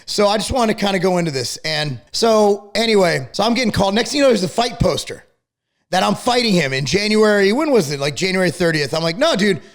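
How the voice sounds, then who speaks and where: Angry high gravelly-voiced man ranting. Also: animated. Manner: angry, profane, rapid ranting. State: worked up, yelling. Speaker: fitness company owner and channel host. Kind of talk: ranting vlog to camera.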